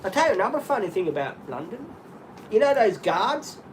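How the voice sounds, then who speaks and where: A middle-aged Australian man rambling through animated stories in casual chat, often laughing. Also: high voice, a little fast, a little hiss or hum, low-quality recording.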